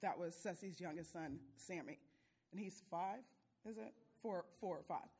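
A breathy-voiced woman tells a church group about a mission trip. She talks in a warm, tearful way, laughing often and stopping herself from crying. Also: lowish voice, moderate pace. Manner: tearful, laughing between phrases. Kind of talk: emotional testimony.

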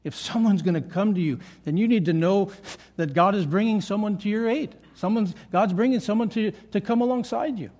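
An older pastor preaches in a high, light voice. He talks earnestly and repeats key lines to drive them home, as in a sermon to his congregation. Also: brisk, few pauses, a little mellow. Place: church meeting room.

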